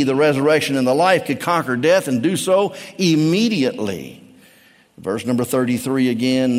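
A male pastor preaching a sermon, swinging from quiet, low reflection up to shouted climaxes. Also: in a large hall. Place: church sanctuary.

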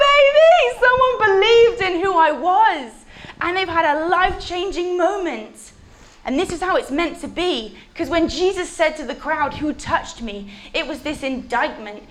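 A woman preaching a sermon with lively, animated storytelling. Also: high voice, a little hiss or hum.

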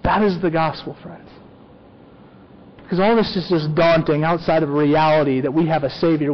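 High-voiced pastor, conversational sermon. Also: male voice, highs cut off. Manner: conversational preaching with frequent "okay?" check-ins.

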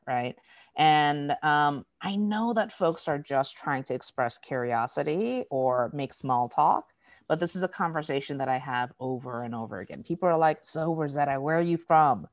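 A woman's voice: deep voice, dry recording, muffled recording. A woman guest in an interview, explaining ideas casually and acting out everyday exchanges, with frequent "um"s and "right?"s. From United States. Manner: animated storytelling, acting out quoted exchanges. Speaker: interview guest, diversity educator. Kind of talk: conversational explanation.

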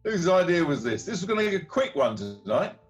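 A man's voice: high voice, sing-song, a little fast, dull audio, soft background music. A man in a podcast chat, wry and teasing. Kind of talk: casual chat.

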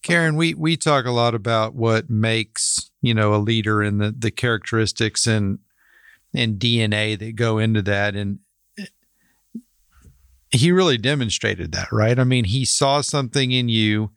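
A male interview host with a low voice, recorded dry and close. He follows up on his guest's answers in a thoughtful way and openly admires what he hears. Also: measured pace, fairly bright tone, smooth, no echo. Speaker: podcast host. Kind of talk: conversational interview.

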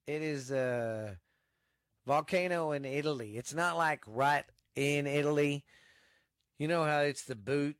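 A man's voice: medium pitch, fairly bright tone, clean tone, no echo, clean studio sound. A man with a Texan accent hosting a podcast, rambling bluntly through the news with constant swearing. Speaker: podcast host. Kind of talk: casual profane news chat. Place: home desk setup.

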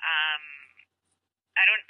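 A woman's voice: sits low, drawn-out words, dry recording, phone-quality sound. A woman co-hosting a podcast in casual chat, teasing and dramatic with exaggerated disbelief. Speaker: podcast co-host.

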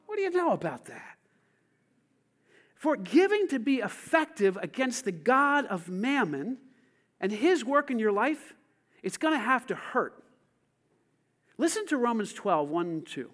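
A man preaching in a church with a high-pitched voice that leaps all over its range. He moves between soft, close lines and loud shouted calls to his congregation. It is a sermon delivered with full pastoral intensity. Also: very animated, unhurried, long pauses. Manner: preaching with swings from quiet to shouted calls to the crowd.

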